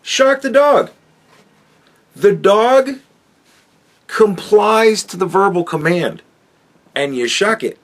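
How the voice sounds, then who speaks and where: A podcast host tears into what he is watching, swearing constantly and mocking as he goes. His voice sits a little high for a man. The tone stays casual and scornful. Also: animated, slow pace, long pauses. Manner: crude, heavy swearing, mocking. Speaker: podcast host reacting to a clip. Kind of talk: profane ranting commentary.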